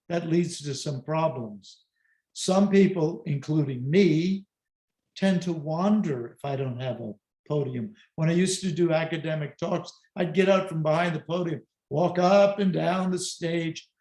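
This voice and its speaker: Male speaker coach, slightly higher voice, conversational and emphatic, video-call audio in a roomy echoey room. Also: gravelly, darkish tone. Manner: conversational, emphatic, self-deprecating. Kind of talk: online presentation on public speaking.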